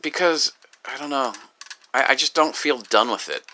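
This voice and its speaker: A grieving, upset man talking in a rambling personal vlog, halting and profane, with many restarts. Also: medium pitch, sharp tone, a little hiss or hum. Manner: halting, profane, full of restarts and "you know". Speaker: video creator.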